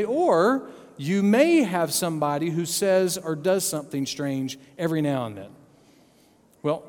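A man's voice: a little high, big-room sound. Playful man telling a Bible story. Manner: playful, animated storytelling with frequent "okay?" check-ins. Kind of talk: children's sermon storytelling.

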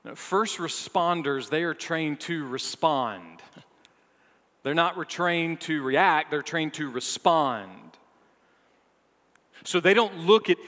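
A man preaching a sermon, rising to emphatic peaks, then dropping low, with playful asides to the congregation. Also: a bit bright. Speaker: pastor. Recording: long hall reverb.

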